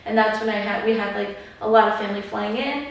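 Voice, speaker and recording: A woman's voice: mid-range voice, fast, gravelly, distant mic. A young woman hosting a podcast in casual chat, leaning on "like" and acting out what people said. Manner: chatty, fills talk with "like", acts out quotes. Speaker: podcast host. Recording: echoey room, voice a bit off-mic.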